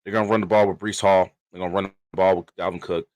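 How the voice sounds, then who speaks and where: A man hosting a sports podcast in casual chat, animated, laughing often and trash-talking rivals. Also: sits low, quick pace, no echo, lo-fi sound. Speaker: podcast host.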